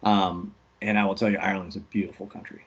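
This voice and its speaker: Husky-voiced laid-back man. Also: low-pitched, flat delivery, fast, lo-fi sound. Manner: laid-back storytelling, many ums. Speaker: podcast co-host. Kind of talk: casual chat.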